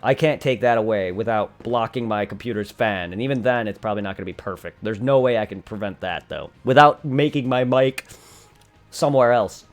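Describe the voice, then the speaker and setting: Talking into a desktop condenser mic during a live game stream, this young man has a lowish, brisk voice. He rambles casually, keeps correcting himself, and reads game dialogue out loud, with faint music and fan hum behind him.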